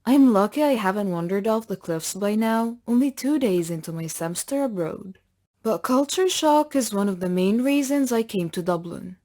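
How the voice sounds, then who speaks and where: A woman narrating a first-person story in a calm, reflective way. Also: medium pitch.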